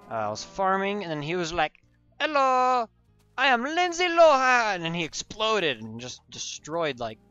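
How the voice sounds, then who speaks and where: A man's voice: mid-range voice, fairly bright tone, muffled recording. A young man giving goofy, rambling gameplay commentary as a gaming channel host, joking and losing his train of thought.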